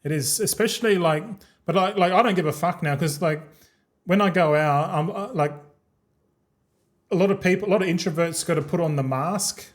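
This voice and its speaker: A man's voice: high-pitched, normal speed. An Australian man in his thirties chatting casually while streaming a game, rambling and swearing freely with frequent laughs.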